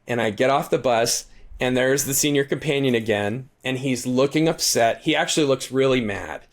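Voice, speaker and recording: A man being interviewed as a guest author, telling a long story in a casual, animated way with many asides and restarts. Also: moderate pace. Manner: animated, acts out quoted lines with shifting pitch; talkative, frequent restarts and asides.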